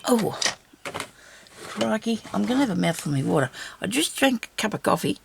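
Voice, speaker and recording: A woman's voice: medium pitch, very animated, brisk, vocal fry, noisy background. An older woman hosting a craft video, chatting casually and rambling, talking to herself as she works at her craft table at home. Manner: rambling, talks to herself while working. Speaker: craft channel host.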